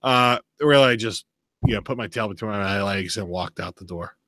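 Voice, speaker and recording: A man hosting a podcast, chatting casually and telling stories with animated swearing. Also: on the low side, normal speed, no echo. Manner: animated storyteller, swears freely. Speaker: podcast host. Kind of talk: casual chat.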